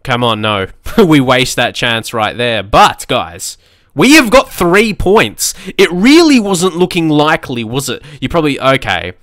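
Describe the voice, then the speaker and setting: A young man, giving casual, excitable commentary on a football management game and often laughing at himself. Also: mid-range voice, no echo, clean studio sound. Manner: excitable, quick to shout at match moments, laughs at himself. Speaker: gaming YouTuber.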